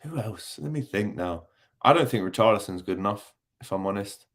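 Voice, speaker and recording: With a lowish, expressive voice and a brisk pace, a young man runs a laid-back football livestream, reading chat messages. He's chatty and jokey, teasing viewers and saying um a lot.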